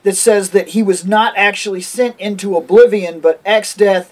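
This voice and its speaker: A man's voice: high voice, fairly even intonation, normal speed. A young man co-hosting a casual game talk, laid-back and amused. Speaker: podcast co-host. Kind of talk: casual chat.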